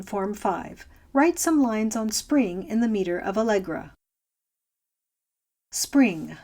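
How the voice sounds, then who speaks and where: Woman reading an audiobook, mellow tone. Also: medium pitch, animated, takes it slowly. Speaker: audiobook reader.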